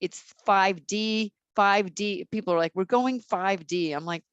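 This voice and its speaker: A woman's voice: mid-range voice, measured pace, clean tone, no room sound, muffled recording. A woman hosting a podcast interview, talking in an enthusiastic, playful, teaching way. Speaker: podcast host. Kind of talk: casual interview chat.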